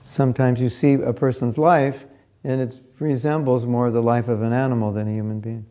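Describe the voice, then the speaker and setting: A man's voice: mid-range voice, level tone, normal speed, dark tone. A man giving a scripture class in a conversational, storytelling way, sometimes turning to ask his listeners questions. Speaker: class speaker.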